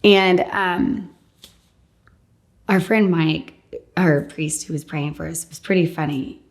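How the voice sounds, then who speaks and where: A woman's voice: fairly low pitch, slow pace. A woman in her thirties candidly telling her personal faith testimony in a conversational way, full of "like.". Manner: candid, conversational storytelling with frequent "like". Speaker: guest sharing her testimony.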